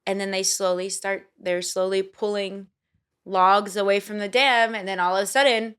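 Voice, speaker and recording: A young woman talking as a podcast guest in casual conversation, animated and often acting out quoted inner voices. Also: medium pitch, moderate pace, clear, resonant tone. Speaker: podcast guest, singer and actor.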